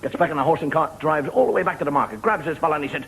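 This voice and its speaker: Wry Irish comedian spinning a tale. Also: male voice, expressive, racing, creaky, hardly any pauses, a bit bright. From Ireland. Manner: lilting, wry, rising pitch in the punchlines. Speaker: stand-up comedian. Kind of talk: stand-up storytelling. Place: television studio with audience. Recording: noisy 1970s TV broadcast.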